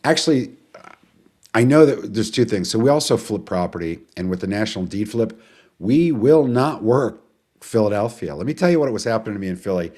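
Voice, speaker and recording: Male webinar host, very low voice, casual and rambling, chats with the audience. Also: expressive, fairly quick, darkish tone. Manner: chatty, rambling, greets viewers and answers chat questions. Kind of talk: casual live webinar talk.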